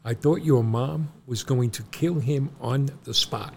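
John's father, a middle-aged podcast co-host, talks a little slowly with a medium-pitched voice and vocal fry, against slight background noise. His long family story for his son comes alive as he performs its characters, voicing the quoted doctors like an animated storyteller.

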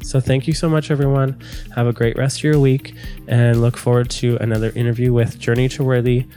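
A man's voice: mid-range voice, little pitch movement, brisk, mellow, soft background music. A man hosting a solo podcast, his voice nasal from a cold, speaking earnestly and pleading with listeners. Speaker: podcast host.

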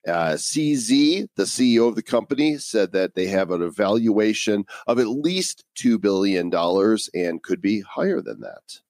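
A man's voice: on the low side, sing-song, moderate pace, hardly any pauses, a little mellow, no echo, studio quality. A man co-hosting a crypto news podcast, bantering playfully and reading sponsor spots. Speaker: podcast co-host. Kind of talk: casual podcast banter with ad reads.

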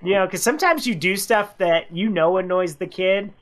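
A man co-hosting a radio show, reading funny listener anecdotes in casual chat and acting out the quoted lines with big pitch jumps. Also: moderate pace, a bit bright. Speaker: radio co-host.

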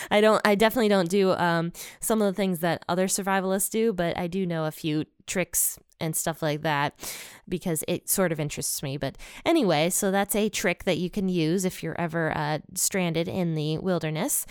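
A woman casually reading and explaining a Bible passage in a chatty, relaxed way, her voice slightly worn. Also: lowish voice, normal speed, clear, resonant tone, no echo, clean studio sound. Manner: chatty and relaxed, with light chuckles and asides. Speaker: Bible study teacher.

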